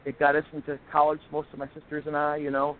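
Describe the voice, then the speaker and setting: Fast-talking man on a tinny phone line. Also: fairly high pitch, a little hiss or hum. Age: 40s. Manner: animated storyteller, acts out quoted voices. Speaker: guest. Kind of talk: casual chat.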